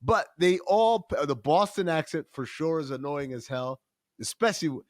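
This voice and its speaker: Male podcast co-host, lively swooping delivery, dry close sound, opinionated, joking. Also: on the high side, normal speed, no room sound. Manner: animated, opinionated, mocks accents. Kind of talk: casual chat.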